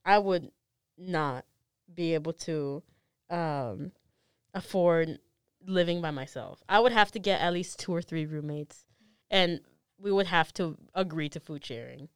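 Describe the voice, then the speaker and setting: Young woman chatting, slangy and animated, smooth clear voice, dry close mic. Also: low voice, a little slow, dry recording. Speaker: co-host. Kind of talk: casual chat.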